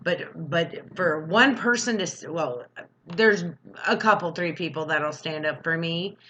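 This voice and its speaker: A middle-aged woman vlogger in an angry, defiant personal rant, talking fast. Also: low-pitched, a bit bright, slight background noise. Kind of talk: emotional personal rant to camera.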